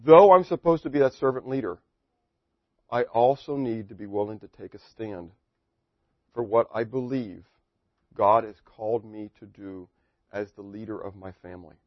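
A man's voice: on the low side, normal speed, long pauses, no echo, highs cut off. A middle-aged man preaching as a pastor, in a joking, conversational way, full of rhetorical questions to his congregation. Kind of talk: sermon.

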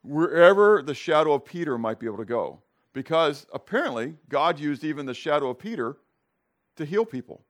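A man with a fairly high, animated voice, speaking a little fast, teaches a casual Bible class. He checks in with "okay?" and "right?", asks the class questions, and acts out scenes for his students.

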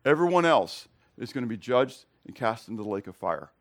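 A man preaching a sermon to his congregation, conversational, asking them direct questions and moving between loud emphasis and quiet, low remarks. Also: very animated, a little fast. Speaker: pastor. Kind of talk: expository sermon.

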